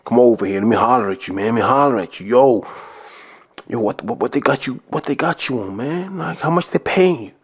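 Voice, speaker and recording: A man's voice: mid-range voice, lively intonation, a little fast, husky, voice pushed down. A man voicing a pushy male hanger-on from New York in a put-on New York street accent, wheedling and insistent, tacking "man" onto every line. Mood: coaxing. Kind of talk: comic impression in a podcast rant.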